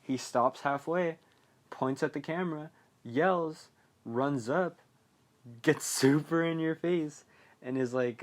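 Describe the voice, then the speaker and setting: A man's voice: fairly high pitch, slow pace, long pauses. A man hosting a podcast, recapping a horror movie in a casual, rambling way, full of fillers and chuckles at his own remarks. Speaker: podcast host.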